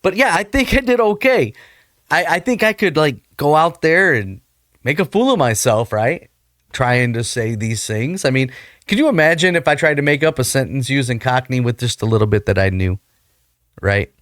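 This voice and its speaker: American guy reacting to stuff, easygoing and self-mocking, pretty dry sound, middle pitch. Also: expressive, normal speed, a bit bright, no room sound. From United States. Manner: chatty, self-deprecating, trying out slang. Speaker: reaction video host. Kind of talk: casual reaction commentary.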